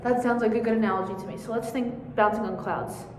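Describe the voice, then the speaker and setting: Quick and fairly even in intonation, a woman's somewhat high voice coaches a viola section through a face mask while she is a bit out of breath. This casual practice lesson is chatty, filled with fillers and beats counted aloud, with a long reverb tail and slight background noise.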